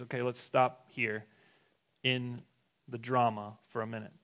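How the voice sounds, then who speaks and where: A man's voice: mid-range voice, steady tone, measured pace, gravelly, a bit bright. A male pastor preaching a sermon, reading scripture aloud and then retelling it in casual everyday words.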